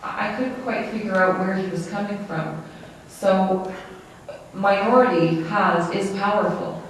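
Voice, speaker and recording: An interpreter voicing a lecture live, in a halting, self-correcting way. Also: mid-range voice. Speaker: sign language interpreter. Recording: very echoey room, distant mic, faint noise.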